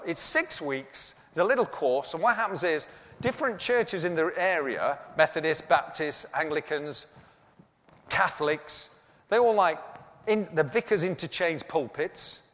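Man quoting a brisk, matter-of-fact wife. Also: a little high, lively intonation, fairly bright tone. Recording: echoey hall with long reverb.

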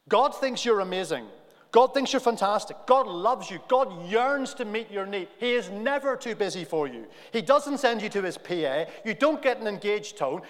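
Animated preacher, high voice, church reverb. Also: male voice. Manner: animated, rising to near-shouts at emphatic points. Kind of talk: sermon. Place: big church.

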